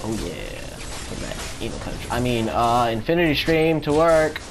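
A man giving live commentary on his own gameplay, excitable, swearing often and repeating phrases in quick bursts. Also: medium pitch, loud music behind the voice. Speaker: gamer. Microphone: home setup without face cam.

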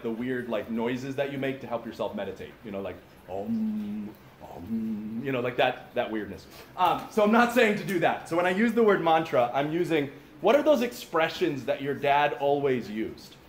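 A man's voice: mid-range voice, slight background noise. A man giving an informal, conversational sermon, talking straight to his listeners with asides. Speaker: pastor. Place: father-son camp gathering. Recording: echoey room, faint background ambience.

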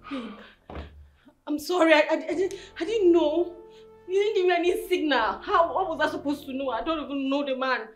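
A woman's voice: high voice, brisk, roomy sound, soft background music, lightly acted. An actress with a Nigerian English accent playing a jealous, hot-tempered young woman in a film drama. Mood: pleading. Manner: shouting and accusing, then pleading softly.

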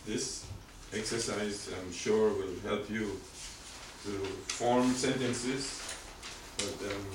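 A man's voice: fairly low pitch, slow pace, noisy background. Patient male teacher in an echoey room. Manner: patient, repeats words for students to echo. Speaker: language teacher. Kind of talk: classroom vocabulary drill. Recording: echoey room, far from mic.

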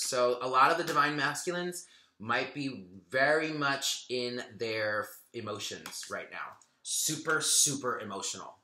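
A man's voice: mid-range voice, sharp tone, reverberant. A man giving a casual tarot reading, chatty and earnest, thinking aloud as he goes. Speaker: tarot reader.

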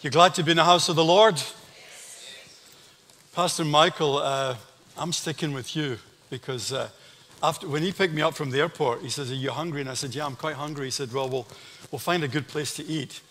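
An older Scottish man, a guest pastor in a large church, preaches a sermon in a slightly high, brisk voice. He tells stories warmly and makes asides to the congregation, and the recording carries church hall reverb.

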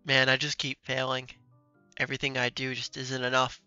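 A man's voice: medium pitch, completely flat delivery, normal speed, pushed and bright, clear, resonant tone, dry recording, dull audio, faint music behind. A man streaming a game and playfully trolling its characters in casual commentary. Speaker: gaming streamer.

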